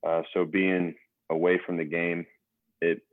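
Man, very low voice, relaxed storyteller, tinny phone-like line. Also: a little slow, no room sound. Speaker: guest, former pro basketball player. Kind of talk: casual podcast interview.

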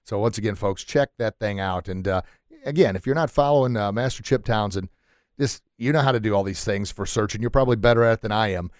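A man hosting a podcast interview in a small sound room, excitable and quick to laugh, often stumbling over his words. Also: lowish voice, no echo, studio quality. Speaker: podcast host. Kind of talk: casual chat.

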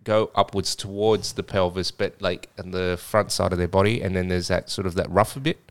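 A man's voice: deep voice, fairly even intonation, fairly quick, clear, resonant tone. An Australian man co-hosting a podcast in casual chat, curious and self-deprecating. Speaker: podcast co-host.

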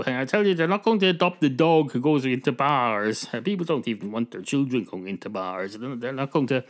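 An Irish man hosting a podcast, telling a rambling comic story full of swearing and deadpan asides. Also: medium pitch. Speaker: podcast host.

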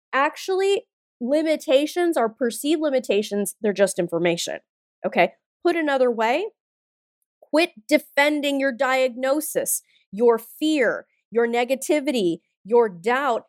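A woman's voice: high-pitched, lively intonation, unhurried, dry recording. A woman in her forties hosting a motivational podcast, talking in an emphatic, blunt and punchy way with plenty of swearing. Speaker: podcast host. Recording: dry studio sound with faint music.

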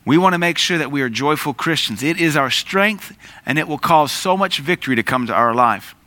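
A man preaching a conversational sermon, pausing to search for words and telling stories on himself. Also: a little high, expressive, bright, forceful tone, dry recording. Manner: conversational preaching with asides and self-corrections. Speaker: pastor.

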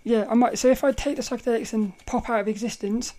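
A woman hosting a casual solo podcast, telling a story in a rambling, animated way, often laughing and restarting her sentences. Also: on the high side, quick pace. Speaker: podcast host.

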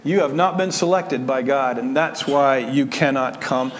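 A man preaching a verse-by-verse sermon, animated, acting out the voices he quotes and restarting words as he goes. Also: medium pitch, a little slow, long reverb tail. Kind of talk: expository sermon.

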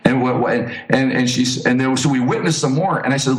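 Guy evangelist on a podcast, excited storytelling, lots of restarts, echoey. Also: medium pitch, normal speed. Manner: animated storytelling, many restarts. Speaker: street evangelist guest. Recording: roomy echo.

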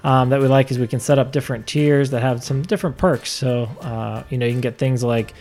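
A man's voice: medium pitch, fairly quick, darkish tone, soft background music. A man co-hosting a local food podcast, talking casually with lots of fillers and restarts. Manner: rambling, many fillers and restarts. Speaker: podcast co-host.

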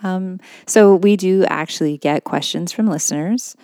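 Middle-aged woman, podcast co-host, wry and teasing, lowish voice, dry close recording. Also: normal speed, mellow, dry recording. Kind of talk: casual chat.

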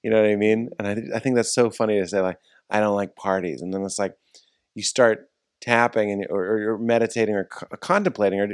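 Low-voiced man rambling in casual chat. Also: steady tone, fast talker, dry recording, clean studio sound. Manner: rambling, self-interrupting, with frequent restarts. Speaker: podcast host. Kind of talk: casual conversation.

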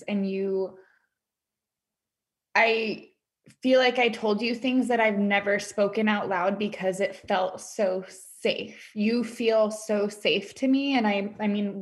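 A woman, a former client appearing as a podcast guest over a video call, speaking in an effusive way and filling her talk with "like". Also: medium pitch. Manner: effusive, says "like" often. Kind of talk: casual conversation.

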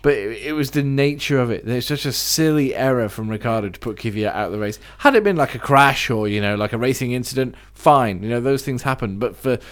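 A man's voice: mid-range voice, a little fast, few pauses. Chatty Yorkshire man. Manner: laughs often, trails off and restarts. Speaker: podcast co-host. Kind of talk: casual chat.

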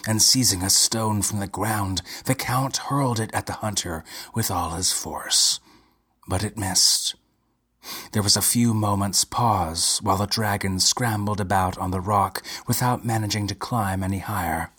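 A man reading a short story aloud in a measured, unhurried way. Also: fairly low pitch, fairly bright tone, breathy edge. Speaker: narrator.

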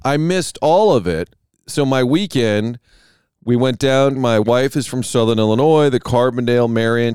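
Middle-aged guy cohosting, smooth clear voice, jokey storyteller, dry close sound. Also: medium pitch, a little mellow, no echo. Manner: joking storyteller who slips into voices. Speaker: radio show co-host. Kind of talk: casual chat.

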